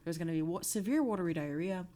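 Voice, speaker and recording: A woman's voice: on the low side, animated, fast talker, warm tone. A young woman streaming a study session, reading her notes aloud with many fillers and self-corrections, then breaking off to joke with her chat. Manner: breaks off to react playfully to chat.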